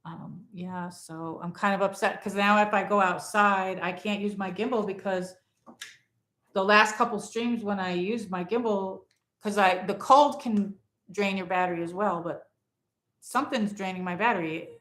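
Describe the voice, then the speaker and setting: A woman's voice: mid-range voice, steady tone, normal speed, a bit bright, echoey room. A woman hosting a casual livestream from her phone at home, rambling and reading viewer comments aloud. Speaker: livestream host. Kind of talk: casual live chat with viewers. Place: home, in front of a Christmas tree.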